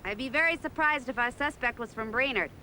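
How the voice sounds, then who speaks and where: An actress playing a pregnant small-town police chief with a Minnesotan accent, folksy and politely firm. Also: female voice, fairly high pitch, brisk, sharp tone, a little hiss or hum. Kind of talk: film dialogue.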